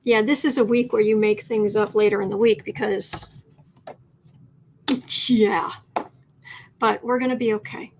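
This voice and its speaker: A woman hosting a casual writing livestream, chatty and thinking out loud as she teaches and reads chat messages. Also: medium pitch, steady tone, measured pace, pauses often, a little hiss or hum.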